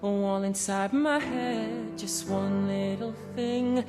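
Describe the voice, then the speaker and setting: A woman's voice: medium pitch, slow pace, over music, lightly acted. A woman singing a plaintive stage-musical lament, playing a hurt woman brooding over harsh words. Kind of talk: sung musical theatre.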